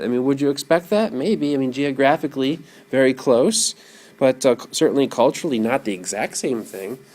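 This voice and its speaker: A man giving a classroom lecture, animated and often putting questions to his students. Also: mid-range voice.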